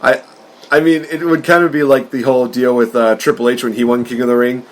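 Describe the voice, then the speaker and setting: A man co-hosting a podcast, talking in an excitable, rambling way and laughing often. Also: mid-range voice, brisk. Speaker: podcast co-host. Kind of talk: casual wrestling chat.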